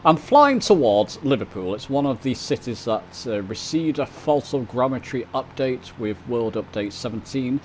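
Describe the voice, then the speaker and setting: A man from the UK talks casually over his flight simulator footage, pointing things out and chatting to his viewers. His voice sits at an ordinary middle pitch. A faint background hiss runs under the desk-mic recording. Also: big pitch swings, normal speed, hardly any pauses, low-quality recording. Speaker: flight sim video host. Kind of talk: casual commentary over gameplay.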